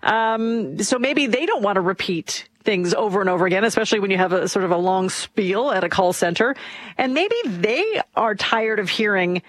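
A woman co-hosting a talk radio debate, speaking in a measured, conversational way. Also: medium pitch, lively intonation, dry recording. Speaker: radio co-host.

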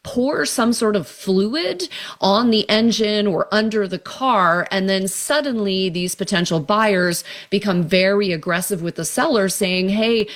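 A woman's voice: medium pitch, unhurried. A woman, a consumer protection expert, explaining scams in a friendly, chatty way as a guest on a radio show.

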